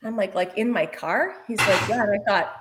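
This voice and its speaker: A woman in her forties, a paramedic, telling a work story in casual chat, lively and often laughing. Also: medium pitch, moderate pace, a little hiss or hum.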